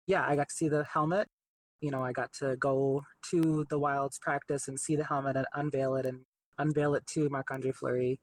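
A young man speaking as an interview guest. He talks in a chatty, relaxed way, full of fillers. His pitch sits in an ordinary middle range. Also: normal speed, poor audio. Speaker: artist guest. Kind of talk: casual interview.

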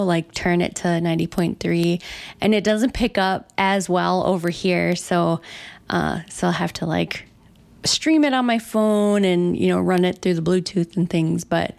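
A woman's voice: mid-range voice, gravelly. A middle-aged woman with a Red Lake Ojibwe accent hosting a radio show, chatting casually and self-deprecatingly with lots of fillers. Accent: Red Lake Ojibwe English. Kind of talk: casual on-air chat.

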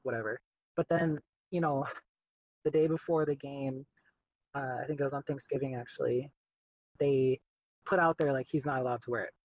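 A young man speaking as an interview guest. He talks in a chatty, relaxed way, full of fillers. His pitch sits in an ordinary middle range. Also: dry recording, rough recording. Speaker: artist guest. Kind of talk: casual interview.

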